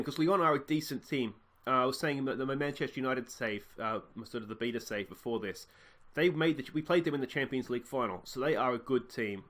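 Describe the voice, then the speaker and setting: A man casually commentating on his football management game as host, musing and reacting to the action. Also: mid-range voice. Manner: chatty, musing, bursts of excitement. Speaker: let's play host.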